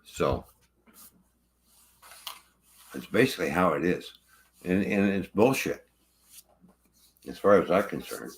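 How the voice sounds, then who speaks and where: A man's voice: deep voice, animated, takes it slowly, long pauses. A truck driver ranting angrily about his truck, swearing constantly in casual livestream talk.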